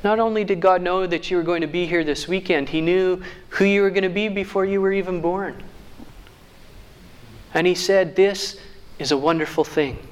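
A man preaching a sermon who reads scripture aloud slowly and then jokes with his listeners. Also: sits high, fairly even intonation, clear, resonant tone.

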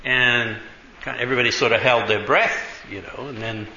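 A man's voice: medium pitch, steady tone, moderate pace, bright, forceful tone. A man preaching a sermon, telling stories in a loose conversational way, often adding "you know" and "right", and sometimes laughing as he speaks. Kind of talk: sermon storytelling. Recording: roomy, dull, faint noise.

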